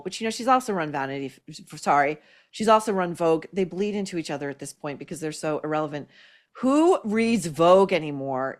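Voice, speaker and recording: Woman commentary host, slightly low, blunt, scathing, sarcastic. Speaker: podcast host. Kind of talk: opinion commentary.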